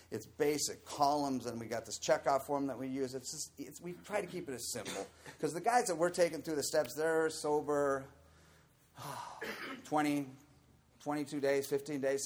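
A man giving a candid, conversational talk to a group about recovery program steps, often saying "you know". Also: medium pitch.

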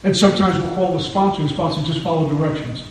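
A man's voice: on the high side, fast, a little mellow, slight background noise. A middle-aged man giving an earnest personal testimony at a recovery meeting, telling his story with wry laughs. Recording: very echoey hall, distant mic.

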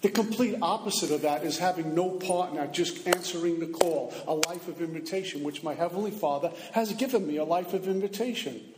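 Man, high voice, earnest recovery talk, echoey hall, faint noise. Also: fairly quick. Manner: earnest, acts out the inner voice in asides. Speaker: recovery meeting speaker. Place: meeting room.

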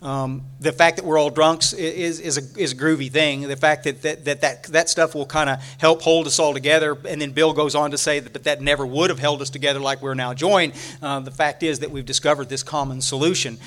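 A middle-aged man speaks at a recovery meeting in a slightly high voice, stumbling over his words and circling back on himself. He talks in a loose, unscripted way, stacking fillers and false starts before he lands a thought. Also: fairly even intonation, a bit bright. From Texas. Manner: halting, repeats words, many fillers and restarts.

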